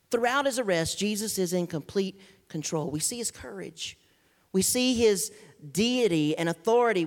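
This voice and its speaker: A pastor preaching a sermon, pausing dramatically and slowing down to stress key words. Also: mid-range voice, in a large hall.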